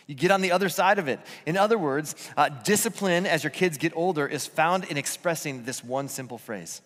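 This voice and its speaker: A man's voice: on the high side, a little fast, few pauses, a bit bright. A man preaching a conversational sermon in a church, earnest and self-deprecating, often restarting his sentences. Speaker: pastor. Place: church auditorium. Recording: reverberant church hall.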